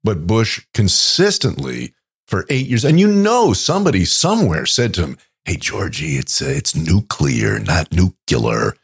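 Gravelly low-voiced man, sarcastic banter. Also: huge pitch swings, moderate pace. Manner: sarcastic, profane. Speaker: podcast co-host. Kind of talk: casual political chat.

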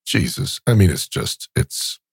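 A middle-aged man co-hosting a podcast in casual chat, swearing freely and animated. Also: no echo, studio quality. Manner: profane, animated, drawn-out asides. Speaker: podcast co-host.

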